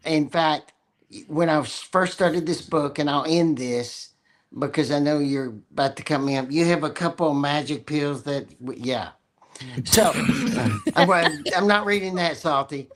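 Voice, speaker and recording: An older man with a West Texas accent and a slightly raspy voice, a guest author chatting wryly on a podcast. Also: a little high, a little slow. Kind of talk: casual chat.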